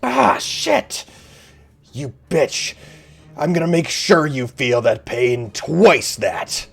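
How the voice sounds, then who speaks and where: Man voicing a furious bandit in a tabletop game, yelling high and loud. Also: very animated, slow pace, vocal fry, breathy edge, heavily acted. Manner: shouting, cursing. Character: angry wounded male bandit.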